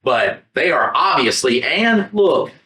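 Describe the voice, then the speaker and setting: A man's voice: on the high side, takes it slowly. Profane storytelling man, far from the mic. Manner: animated, profane, acts out his own quotes. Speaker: podcast co-host. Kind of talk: casual storytelling chat. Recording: roomy sound from a distant mic, not the podcast mics.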